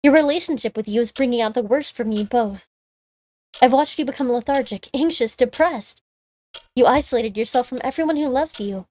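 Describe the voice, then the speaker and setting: A woman's voice: a little high, brisk, a little mellow, natural voice. A woman reading the lines of a blunt, protective sibling who confronts their brother, in her own voice. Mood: concerned.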